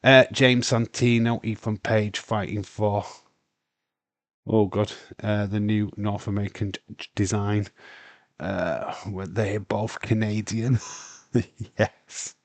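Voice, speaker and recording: A man's voice: lowish voice, steady tone, takes it slowly, dry recording. A British man from the UK talking casually and bluntly as the host of a live watch-along stream, rambling with many fillers and some swearing. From United Kingdom.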